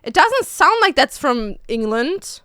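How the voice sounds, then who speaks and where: A woman's voice: sits high, very animated, slow pace, sharp tone, no room sound, clean studio sound. A young woman in her twenties chatting on a casual livestream from home, rambling and packing her talk with fillers. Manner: rambling, filler-heavy, with many "like"s. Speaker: streamer. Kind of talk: casual stream chat.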